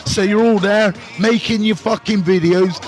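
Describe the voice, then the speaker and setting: A man's voice: high voice, steady tone, normal speed, darkish tone. A middle-aged British man hosting a casual live stream as a recovery mentor, blunt and jokey, swearing freely as he talks. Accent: British English. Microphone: phone live stream.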